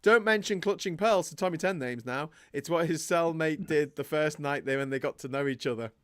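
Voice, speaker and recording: A man's voice: fairly high pitch, brisk, smooth, no room sound, studio quality. A man from England co-hosting a casual chat, joking around. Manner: jokey, puts on silly voices. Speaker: co-host.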